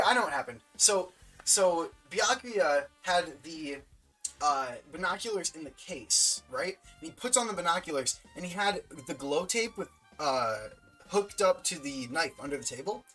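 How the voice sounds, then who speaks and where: A woman streaming a story game from home, reading its text aloud and thinking out loud between laughs. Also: lowish voice, expressive, normal speed, rough recording. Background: faint game music.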